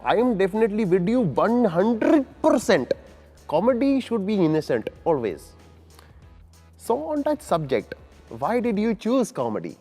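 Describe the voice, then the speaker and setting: A man's voice: high-pitched, very animated, unhurried, dark tone, husky, faint music behind, voice pushed up, exaggerated voice. A man voicing a chummy, emotional male interviewer who keeps tacking on "huh?". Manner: chatty, keeps adding "huh?" and "bro".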